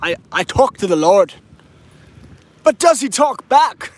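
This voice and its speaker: A high-voiced man delivers a preachy vlog monologue outdoors as he walks his dog. He repeats himself often and keeps checking in with "right?". The sound is a casual phone recording out on the street. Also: sing-song, very slow, long pauses. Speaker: channel host. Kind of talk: casual talk to camera while walking the dog.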